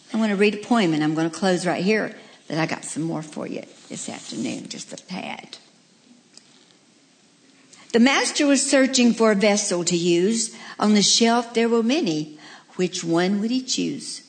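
A woman preaching a heartfelt sermon as a radio preacher, telling stories and reading a poem. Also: mid-range voice. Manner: storytelling, heartfelt.

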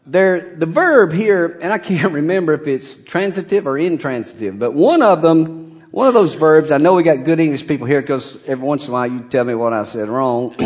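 A man preaching a sermon to his congregation, telling a Bible story with lively emphasis and occasional chuckles. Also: a little high. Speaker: pastor.

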